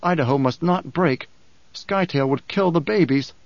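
A man reading an audiobook in a measured, steady narration. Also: on the high side, vocal fry, no room sound. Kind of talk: scripted narration. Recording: dull, dry audiobook recording.

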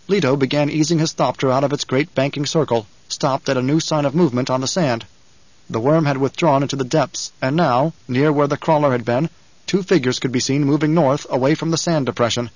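A man reading a story aloud as audiobook narrator, with measured, even delivery. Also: mid-range voice, no echo, muffled recording. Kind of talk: scripted narration.

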